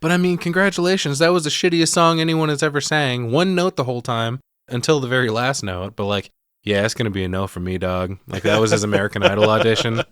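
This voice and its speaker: A man's voice: mid-range voice, fast talker, clear, resonant tone, no room sound, clean studio sound. Profane man recapping a film. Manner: profane, animated storytelling. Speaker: podcast co-host.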